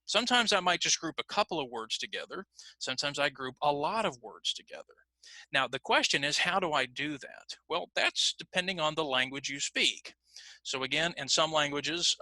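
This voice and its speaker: A man from the United States with a bright, forceful voice on the high side teaches an online English pronunciation class for adults, heard in a dry recording. As an ESL teacher, he explains things patiently and models example phrases aloud.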